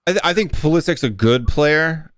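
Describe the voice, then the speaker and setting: A man's voice: on the high side, lively intonation, moderate pace, a bit bright, smooth, dry recording. An American man chatting casually as a guest, explaining at length with fillers and restarts. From United States. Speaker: guest football YouTuber. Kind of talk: casual interview chat.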